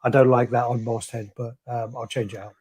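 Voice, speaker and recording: A man's voice: medium pitch, flat delivery, fairly quick, darkish tone, slightly rough. A man hosting a casual live stream, reading out viewer comments with a laid-back, swearing manner. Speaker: host.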